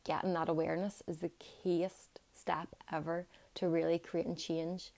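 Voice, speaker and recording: A young woman speaks in a low, mellow voice, earnest and reassuring as she shares reflections with her viewers. Her talk is loose and casual, often leaning on "like" as she encourages the listener to keep going. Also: level tone, moderate pace, gravelly. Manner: earnest and encouraging, with many "like" fillers. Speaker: vlogger. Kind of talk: reflective motivational talk to camera.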